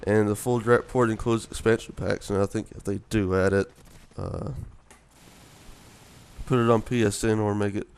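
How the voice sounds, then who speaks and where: A young man talks over gameplay in a loose, rambling way, with plenty of fillers and pauses. He sounds sleepy, like he just woke up. His voice sits a bit low and comes through smooth and clear. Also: steady tone, darkish tone. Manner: rambling, laid-back, many fillers. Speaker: gaming video commentator. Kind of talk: casual commentary over gameplay.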